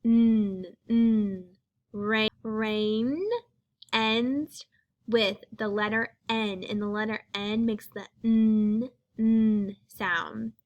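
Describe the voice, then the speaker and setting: A woman's voice: mid-range voice, level tone, drawn-out words, darkish tone, dull audio. A woman teaching young children a phonics lesson, speaking patiently and sounding out each letter.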